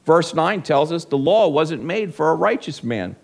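A man's voice: a little high, lively intonation, moderate pace, gravelly. A male pastor delivering a sermon in a church service, reading scripture and asking the congregation rhetorical questions.

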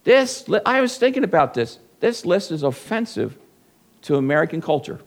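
Gravelly-voiced male pastor preaching. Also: on the high side, big pitch swings, normal speed. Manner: preaching with rhetorical questions. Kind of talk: sermon. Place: church service.

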